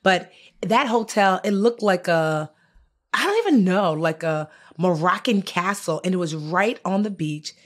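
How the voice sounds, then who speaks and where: Animated woman storytelling on a podcast. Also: lowish voice, measured pace. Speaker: podcast co-host. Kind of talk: casual chat. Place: studio.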